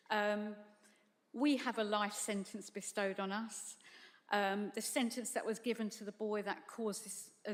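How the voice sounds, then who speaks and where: A middle-aged woman, a bereaved mother, giving halting, emotional testimony at a public tribunal. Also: mid-range voice. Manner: halting, apologetic, tearful at times. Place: large hall at a public tribunal. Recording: long hall reverb.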